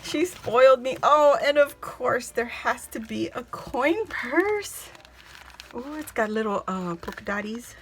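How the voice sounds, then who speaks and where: A woman's voice: fairly high pitch, expressive, slow, slight background noise. A woman gushing as she opens a crafty gift package, exclaiming and laughing breathlessly to her viewers. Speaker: craft vlogger opening happy mail. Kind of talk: excited unboxing chat to camera.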